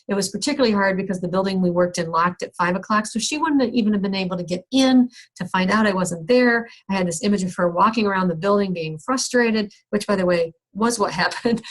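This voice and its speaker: A middle-aged woman counselor telling a candid, self-deprecating personal story in a skills workshop, with many restarts and fillers. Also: mid-range voice. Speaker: counselor teaching a skills session.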